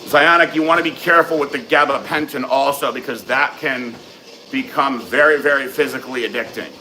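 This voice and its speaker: Frank, bright-voiced man answering questions. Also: medium pitch, brisk, a little hiss or hum, poor audio. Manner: frank, matter-of-fact advice with many fillers. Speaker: host answering viewer questions. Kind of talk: casual live Q and A.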